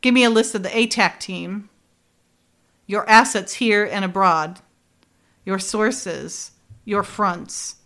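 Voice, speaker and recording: A woman's voice: mid-range voice, takes it slowly, long pauses. Chatty woman retelling a TV episode. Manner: animated retelling, quoting characters with laughs. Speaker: podcast co-host. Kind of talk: casual chat recapping a TV episode.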